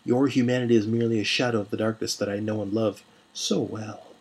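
A man voicing a frightened, defiant imprisoned woman who speaks in a hoarse whisper. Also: lowish voice, steady tone, a little fast, darkish tone.

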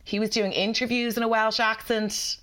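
A woman's voice: fairly high pitch, level tone, normal speed, fairly bright tone. A woman co-hosting a podcast, telling gossipy stories in casual chat. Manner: chatty, gossipy storytelling. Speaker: podcast co-host.

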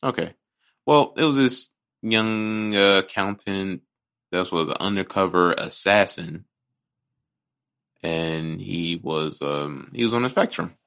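A low-pitched man co-hosts a laid-back movie podcast, his voice bright and forceful. He rambles, restarts his sentences and swears freely as he gives his opinions. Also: slow, gravelly, clear, resonant tone. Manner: rambling, restarts a lot, blunt and profane. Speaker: podcast co-host. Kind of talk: casual movie chat.

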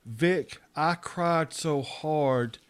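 Slow-talking middle-aged man telling stories. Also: fairly high pitch, smooth. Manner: chatty storyteller, laughs often. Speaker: podcast co-host. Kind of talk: casual chat.

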